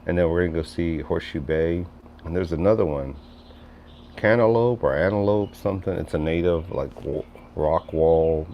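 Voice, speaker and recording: A man's voice: low-pitched, moderate pace, muffled recording, slight background noise. A middle-aged man rambling casually on a livestream, reading chat messages aloud and answering viewers. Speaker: livestream host.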